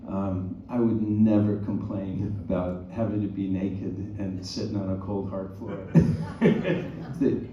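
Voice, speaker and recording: A man speaking as an actor at a post-screening talkback, reflective and halting, telling anecdotes. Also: on the low side, level tone, a little hiss or hum. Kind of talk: live stage interview. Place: theater auditorium. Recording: echoey, dull, distant theater audio.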